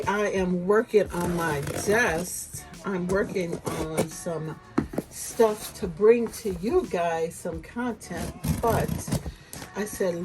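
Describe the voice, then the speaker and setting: Woman vlogger, slow and lively, gushing at home, faint music bed. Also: mid-range voice, low-quality recording. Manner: gushing, breathy exclamations of delight. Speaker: unboxing vlogger. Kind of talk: casual unboxing chat. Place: at home desk.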